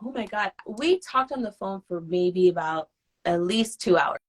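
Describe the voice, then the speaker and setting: A young woman, a singer, chatting casually in an interview and acting out the people she quotes. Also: measured pace. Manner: animated, acts out quoted phone calls with high excited voices. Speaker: guest singer.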